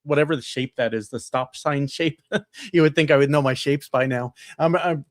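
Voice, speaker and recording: A man's voice: fairly high pitch, normal speed, no echo, studio quality. A man hosting a casual livestream from a home room with sound panels, reading viewer comments aloud in a loose, profane, chatty way with plenty of fillers. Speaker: livestreamer and political candidate. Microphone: upgraded desk microphone.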